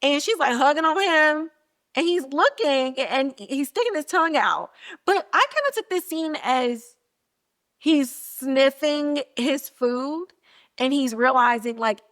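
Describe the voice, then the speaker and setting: Her voice is high and a little slow. Hosting a podcast, she recaps a TV episode in a relaxed way, animatedly mimicking quotes from scenes with fun put-on voices.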